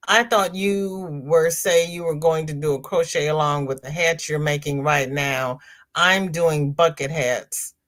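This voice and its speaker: A middle-aged woman hosts a crochet livestream in an easygoing, chatty way. She talks slowly in a fairly low voice, reading comments aloud and calling viewers "girl" and "honey" while she stumbles through ums and restarts. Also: fairly bright tone.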